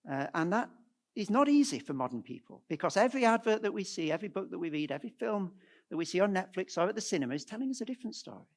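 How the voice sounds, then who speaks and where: A middle-aged man giving a presentation at a church, animated and asking the audience rhetorical questions. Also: high-pitched, rapid-fire. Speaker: guest speaker.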